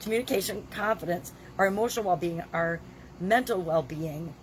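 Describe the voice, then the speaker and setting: Her voice fairly low and her pace fairly quick, a vlogger in her sixties chats casually in a daily video diary. Nursing a cold with a scratchy throat, she talks emphatically, with the odd cough slipping in.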